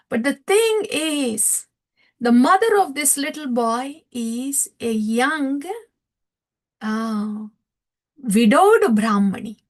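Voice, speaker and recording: A woman voicing an earnest, concerned male devotee who pleads emphatically in a told scripture story. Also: a little high.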